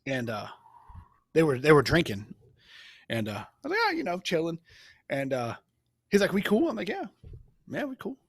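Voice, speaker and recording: Husky, lively young man telling war stories. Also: a little high, moderate pace, long pauses, no room sound, clean studio sound. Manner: rambling, swears, laughs while telling stories. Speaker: podcast co-host. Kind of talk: casual storytelling chat.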